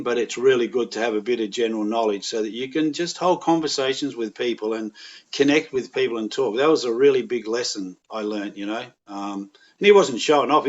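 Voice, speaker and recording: A middle-aged Australian man telling rambling, animated anecdotes in a casual chat, with voiced quotes. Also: medium pitch, lo-fi sound. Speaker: podcast guest, actor.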